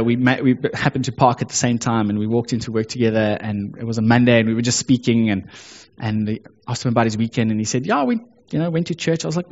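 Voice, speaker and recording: A man's voice: medium pitch, husky, lo-fi sound. A man with a South African accent preaching a sermon in a conversational way, often checking in with "right?" and "okay?". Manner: conversational, frequent tag questions like "right?" and "okay?".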